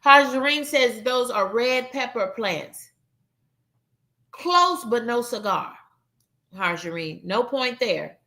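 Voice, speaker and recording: A woman's voice: a little high, slow, sharp tone. A woman hosting a casual live-stream game night, reading viewers' answers and chatting with them as y'all. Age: adult, 21 or older. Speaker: livestream game night host.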